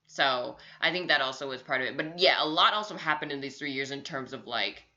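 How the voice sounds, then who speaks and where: A woman's voice: extremely low pitch, lively intonation, a little fast, sharp tone, dull audio. A woman co-hosting a casual pop-culture review podcast, talking in a chatty, hedging way full of fillers. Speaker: podcast co-host. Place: lives in New York.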